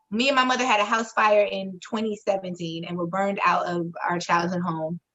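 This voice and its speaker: In a lo-fi recording, a woman of medium pitch co-hosts a podcast, telling a candid story frankly and expressively. She swears freely and acts out the voices of the people she quotes.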